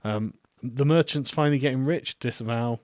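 A man hosting a casual live stream, reading out viewer messages and answering them in a relaxed, hesitant way with frequent ums and easy laughs. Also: mid-range voice, normal speed, no room sound, studio quality.

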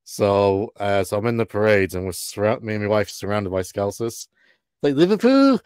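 English accent, man, low voice, chatty guest, dry sound. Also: level tone, moderate pace, a little mellow, clear, resonant tone, dry recording. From England. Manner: laughing, chatty, swearing. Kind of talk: casual chat.

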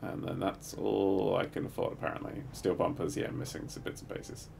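A middle-aged man streaming a game live, muttering to himself, swearing freely and bursting into excited exclamations. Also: low-pitched, normal speed, gravelly, noisy background. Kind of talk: live gameplay commentary.

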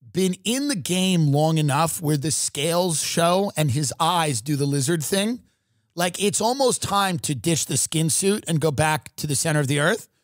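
A man rants mockingly through a comedy podcast, crude and animated. His voice is high and gravelly, with a lively swing, recorded dry and close. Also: dry recording. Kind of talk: comedic rant.

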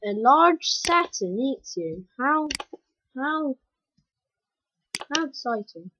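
Woman, gameplay commentary, excitable, slow unhurried talk, dull lo-fi mic. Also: sits high, slight background noise. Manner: excitable, yelps and exclaims at the game.

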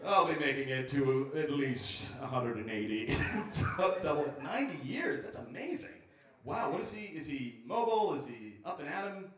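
A man in his forties doing live stand-up, teasing the audience and riffing with wry, sudden loud outbursts. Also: on the high side, lively intonation, normal speed, far from the mic. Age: 40s. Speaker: stand-up comedian. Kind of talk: live stand-up with crowd work. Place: lodge performance room. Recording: echoey room recorded from afar.

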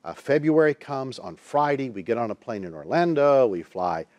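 A man tells a personal story in a studio interview, his voice at an ordinary middle pitch. He is lively and expressive, slipping into the voices of the people he quotes. The sound is dry and close, with no room echo. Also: moderate pace. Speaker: Christian counselor and minister, guest.

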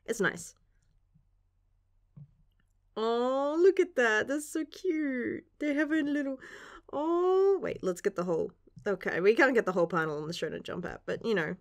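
A woman's voice: on the high side, animated, unhurried, long pauses. Giggly young woman gushing over comics. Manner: gushing, giggly, swears casually. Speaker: manga reviewer. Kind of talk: casual chapter reaction.

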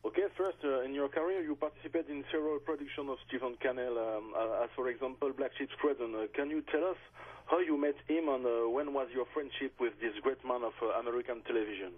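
A man from France calling into a radio show with a French accent, asking polite, halting questions and searching for his words. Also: mid-range voice, breathy edge, phone-quality sound. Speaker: caller. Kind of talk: phone-in questions to a radio host.

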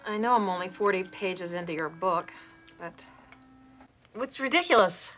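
A woman's voice: lowish voice, lively intonation, moderate pace, a bit bright, soft background music. An actress playing a volatile, obsessive middle-aged woman caretaker who swings between prim scolding and gushing apology, in a film drama.

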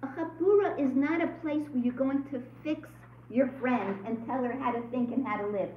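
A woman's voice: sits high, moderate pace, a little hiss or hum. Woman leading a faith class, earnest, questions to the group; lo-fi, echoey, mic far off. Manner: earnest, asks the room questions. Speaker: teacher leading a women's study group. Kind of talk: religious class talk. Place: room with a group. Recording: echoey lo-fi room recording from far off.

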